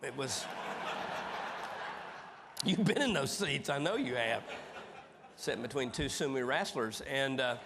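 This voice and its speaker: A man's voice: medium pitch, measured pace, long pauses. Folksy man telling stories in a hall. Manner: folksy, animated, acts out dialogue. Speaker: motivational speaker. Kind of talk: humorous keynote storytelling. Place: large conference hall with audience. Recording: reverberant hall, faint background noise.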